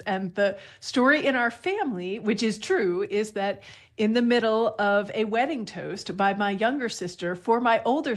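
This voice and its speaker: A woman guest on a radio call-in show, explaining language in a friendly, lightly laughing way. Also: mid-range voice.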